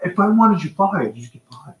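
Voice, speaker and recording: A man hosting a podcast with his wife, teasing her in a laid-back, deadpan way. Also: sits high, a little fast, dull audio. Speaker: podcast host. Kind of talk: casual couple banter. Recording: roomy echo.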